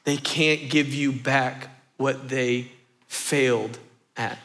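A man in his thirties preaching a sermon, telling a story in lively fashion and repeating phrases for rhythm. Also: mid-range voice, slow. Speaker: pastor.

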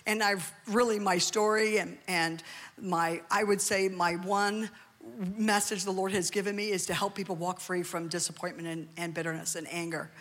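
A middle-aged woman pastor preaching a sermon with animated delivery, often calling for amens from the congregation. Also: on the low side, moderate pace. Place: church hall. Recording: long reverb of a large hall.

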